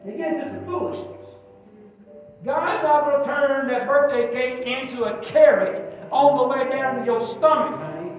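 A man's voice: extremely high pitch, normal speed, phone-quality sound. A man, a pastor preaching a sermon in a folksy, call-and-response manner, recorded from a distance in a church. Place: church sanctuary. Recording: echoey church hall from far off, faint music.

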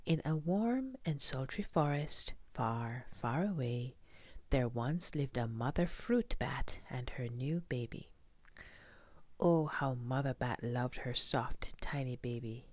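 A woman whispering a children's storybook aloud in a soft, gentle voice, as whispered role-play. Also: very deep voice, animated, slow pace, dry recording.

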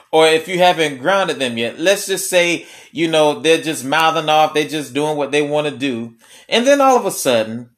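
A man preaching a sermon in a conversational way, repeating key lines slowly for emphasis. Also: fairly high pitch.

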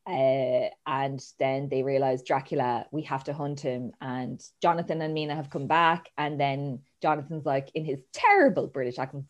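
Hosting a casual chat, a low-voiced woman walks through a film's plot, energetically acting out the characters' lines and laughing often. She talks at normal speed with hardly any pauses.

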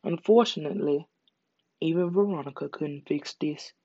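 An ASMR storyteller with a Southern US accent, calm and soothing, reading a story slowly to a close mic. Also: medium pitch, no room sound. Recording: dull lo-fi recording.

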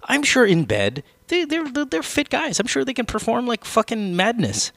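A man's voice: very high-pitched, moderate pace, vocal fry, no echo. A man from the Philippines hosting a podcast, giving blunt, profane advice in casual chat. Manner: blunt and profane, animated, mimics voices. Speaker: podcast host.

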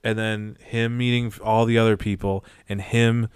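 A man co-hosting a casual podcast, laid-back and trailing off quietly. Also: lowish voice, level tone, normal speed, smooth, no echo, clean studio sound. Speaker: podcast co-host. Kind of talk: casual chat.

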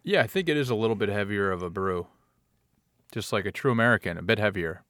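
Man, podcast co-host, low pitch, deadpan, dry studio sound. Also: fast talker, no echo. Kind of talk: casual beer-tasting chat. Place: indoor recording studio.

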